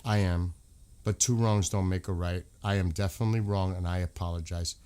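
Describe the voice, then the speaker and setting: An American man with a fairly low voice talks on a casual livestream. He gets heated, circles back over the same points and swears freely. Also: steady tone, fairly quick, mellow, smooth. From United States. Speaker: livestream host.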